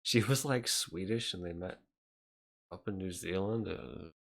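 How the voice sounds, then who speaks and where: A young man hosts a casual livestream, his deep voice a little slow and edged with vocal fry. He rambles loosely, reacting to viewer comments as he reads chat, and tends to trail off.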